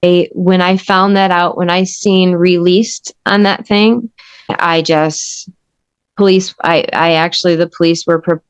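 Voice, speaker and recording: A woman's voice: lowish voice, fairly even intonation, a little slow, clean tone, no echo. A woman guest telling her story in an interview, earnest and emphatic in a conversational way. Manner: earnest, emphatic, intense retelling. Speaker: podcast guest.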